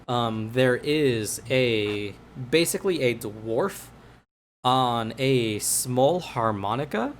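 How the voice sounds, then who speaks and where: A man's voice: medium pitch, slight background noise. A man narrating as game master for a tabletop game, describing scenes with many fillers and restarts. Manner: halting, filler-heavy description.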